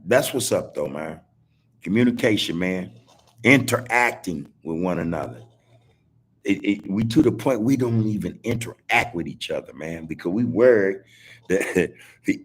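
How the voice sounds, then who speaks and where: A middle-aged man with a low, husky voice hosts a podcast over a video call. His talk is casual and heartfelt, delivered in a loose, repetitive street style, and he says "man" constantly.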